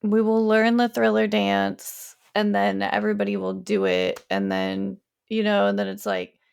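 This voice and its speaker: A woman co-hosting a casual podcast, her voice deeply gravelly with constant vocal fry. She rambles loosely, piling up fillers and restarting her sentences as she talks. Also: expressive, measured pace, a little mellow. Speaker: podcast co-host. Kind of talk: casual chat.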